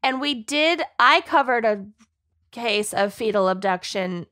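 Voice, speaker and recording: A woman's voice: on the high side, expressive, unhurried, pushed and bright, no room sound, clean studio sound. A woman co-hosting a podcast, chatting casually and giggling as she introduces the show. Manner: giggly, reads the intro with playful stumbles. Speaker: podcast co-host. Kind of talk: casual chat.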